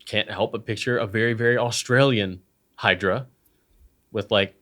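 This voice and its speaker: A man's voice: on the low side, fairly even intonation, normal speed, fairly bright tone. A man co-hosting a casual podcast chat, playful and rambling, joking his way through stories. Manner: playful, rambling, puts on silly voices for jokes. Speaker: podcast co-host.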